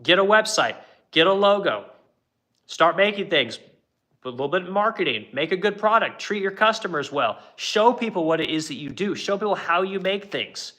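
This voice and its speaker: Middle-aged shop owner, rather high voice with a sharp, forceful edge, swears a lot and goes on rants to his stream viewers. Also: expressive, moderate pace. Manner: blunt, profane, ranting. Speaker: furniture business owner. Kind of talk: livestream chat with viewers.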